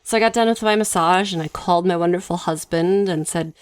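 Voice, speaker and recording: A woman co-hosting a podcast, chatty and quick to laugh as she chimes in. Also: fairly low pitch, no echo, studio quality. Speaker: podcast co-host. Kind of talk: casual chat.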